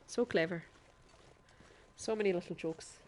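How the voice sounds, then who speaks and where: A chatty woman streamer with a lowish voice, talking over her gameplay in a put-on Irish lilt. She laughs easily and speaks straight to her chat between moves. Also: a little slow, darkish tone. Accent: put-on Irish accent. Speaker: game streamer. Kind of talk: live gameplay commentary.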